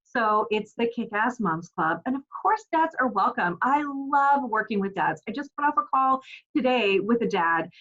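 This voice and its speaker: A woman's voice: a little high, lively intonation, moderate pace, fairly bright tone. Encouraging woman coach, slightly dull audio. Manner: earnest, encouraging, asks rhetorical questions. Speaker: parenting coach. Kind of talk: direct-to-camera parenting advice.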